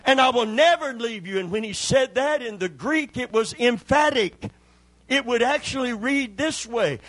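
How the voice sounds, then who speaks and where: A man's voice: moderate pace, no room sound, low-quality recording. A man preaching a sermon as a pastor, telling folksy stories, calling for amens and swelling into emphatic peaks. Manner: preaching with sudden swells in pitch and loudness; folksy storytelling with calls for amen.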